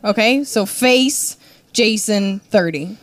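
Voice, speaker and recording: A woman performing a stand-up comedy set, explaining her premise in a lively way. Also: medium pitch, slow pace.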